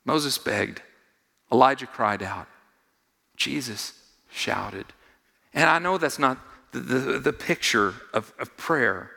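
A creaky-voiced pastor preaches slowly in a large hall, leaving long pauses. He repeats phrases, asks the congregation questions, and ranges from low, quiet asides to loud, high-pitched urging.

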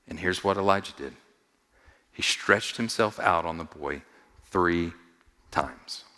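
A pastor takes his sermon slowly in a large hall, repeating phrases for emphasis and questioning his congregation. His delivery rises from quiet, low asides to loud, high-pitched exhortation.

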